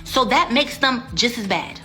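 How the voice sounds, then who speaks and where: A woman's voice: on the high side, animated, unhurried, bright, forceful tone, faint music behind. Sassy, indignant woman ranting. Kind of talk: reaction rant.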